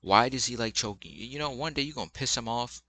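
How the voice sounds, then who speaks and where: A man's voice: medium pitch, fast, sharp tone. A young man giving blunt, rambling relationship advice in casual, slang-filled commentary.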